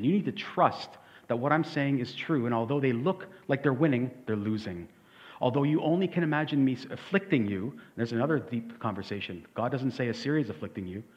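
A male pastor delivers an emphatic, conversational sermon and keeps asking the room rhetorical questions. His voice carries a long hall reverb that trails after each phrase. The audio is dull and muffled, as if from a lo-fi church recording. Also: medium pitch. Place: church sanctuary.

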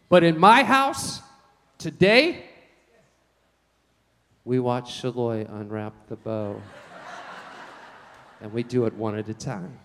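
A man preaching a sermon, telling folksy stories in an animated way. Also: medium pitch, slow pace, long pauses, in a large hall. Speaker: pastor.

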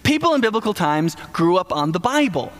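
A man delivers a sermon in a slightly high voice, talking to the congregation in an easy, conversational way that keeps turning animated. His words ring out with a long reverb, as if from a large hall. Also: fairly quick. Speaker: preacher.

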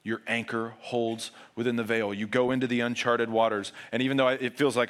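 A man preaching a sermon as pastor, earnest, moving between raised urgent passages and hushed, low emphasis. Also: flat delivery, brisk, few pauses.

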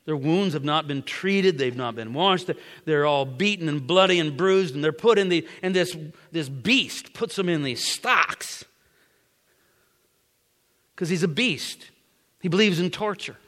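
Male preacher, dramatic sermon storytelling, high bright voice, repeats phrases, echoey hall. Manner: dramatic, repeats phrases, swings from whispers to loud.

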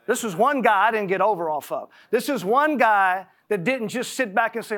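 A man preaching a sermon, reading scripture slowly and emphatically between stretches of conversational storytelling. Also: sits high, lively intonation, fairly bright tone.

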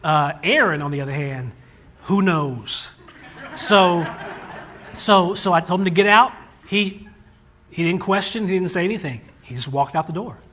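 A man in his forties, a father casually telling a story about raising his sons, animated and acting out his kids' voices. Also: high-pitched, normal speed, pauses often, a little hiss or hum. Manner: animated, acts out his children's voices in quotes.

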